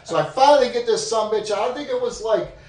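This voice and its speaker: A man of fifty telling profane bar stories in a rowdy, animated way as a podcast guest. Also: extremely high pitch, fast, background noise. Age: 50s. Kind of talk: casual storytelling. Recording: echoey room, mic at a distance.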